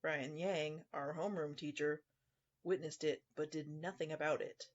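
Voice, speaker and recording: A man's voice: a little high, steady tone, moderate pace, muffled recording. A man narrating a scripted first-person horror story in a dry, sarcastic tone.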